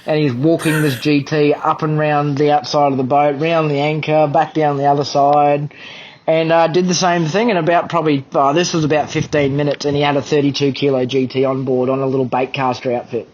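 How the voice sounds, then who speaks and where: A man's voice: a little high, level tone, a little fast, lo-fi sound, a little hiss or hum. A young Australian man telling a fishing charter story as a podcast guest, blunt, profane and often laughing. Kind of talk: casual anecdote telling.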